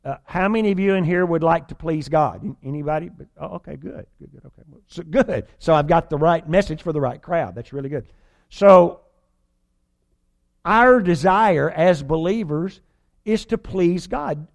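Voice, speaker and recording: A pastor preaching a sermon in a folksy, conversational way, rambling with restarts and slowing down to stress key points. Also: male voice, on the high side, vocal fry.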